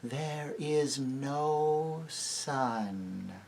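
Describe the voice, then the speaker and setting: Scheming storybook witch queen, cooing half-whisper, very slow , read by a man. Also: on the high side, sing-song, a little hiss or hum, voice pushed up, heavily acted. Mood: hypnotic.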